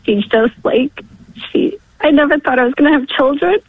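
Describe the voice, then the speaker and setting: A woman's voice: high-pitched, normal speed, no room sound. A woman in her forties calling in from New York, emotional and tearful, apologizing as she speaks. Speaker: caller. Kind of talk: phone-in call. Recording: tinny dry phone line.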